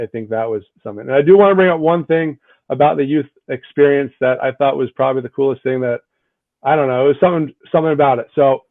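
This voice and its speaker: A guest hockey coach being interviewed, his voice medium-pitched and his answers conversational and earnest, often tagged with "right? like". The line sounds tinny and phone-like, with a dry recording.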